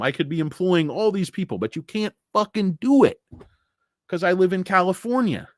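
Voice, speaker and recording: Profane, animated man ranting on a livestream. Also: on the high side, dry recording, clean studio sound. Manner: profane, blunt, opinionated; rambling with frequent fillers. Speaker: stock market show host. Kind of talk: casual livestream rant.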